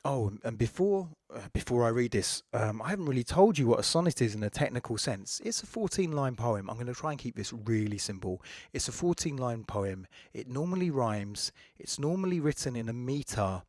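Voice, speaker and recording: A man's voice: medium pitch, lively intonation, fairly quick, few pauses, darkish tone, dry recording. Chatty man explaining poetry, dry sound. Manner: chatty and digressive, with fillers and self-corrections. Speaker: podcast host. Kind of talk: casual spoken lecture on poetry.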